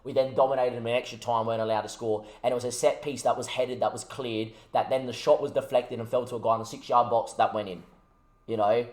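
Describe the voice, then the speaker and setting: A man's voice: mid-range voice, level tone, fast talker, a little mellow, roomy sound. A young man ranting about a football management game, swearing heavily as he commentates his gameplay. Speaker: gaming YouTuber.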